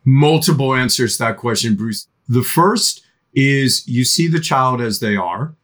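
A middle-aged man, a guest expert on teen parenting, speaking in a podcast interview with an animated manner. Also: mid-range voice, unhurried.

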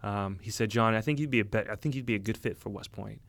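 A man in his thirties, telling his story as an interview guest in earnest, halting casual talk with many fillers. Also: on the low side, gravelly. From United States. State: emotional, near tears. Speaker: interview guest, Army officer. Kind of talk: casual conversation.

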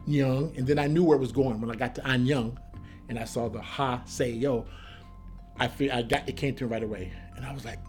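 An American man in a mid-pitched voice tells his army memories in an interview, lively and animated. He acts out the people he quotes and often restarts his sentences, with soft music under him. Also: a little fast. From United States. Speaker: former Army soldier and Korean linguist. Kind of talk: interview storytelling.

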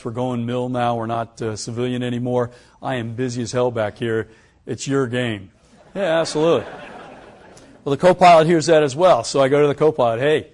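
An older American man, a retired pilot, giving a lecture and telling stories from his career, acting out the dialogue with lively chuckles. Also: mid-range voice. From United States. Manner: animated storyteller who acts out quoted dialogue, chuckling. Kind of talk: anecdotal lecture storytelling.

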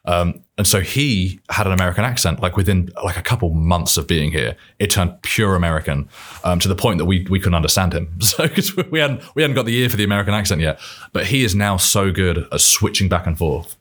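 A man's voice: low voice, animated, brisk, fairly bright tone. A young British man chatting casually as a podcast guest, rambling and laughing as he goes. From Britain. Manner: rambling, self-correcting, laughs often. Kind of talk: casual chat.

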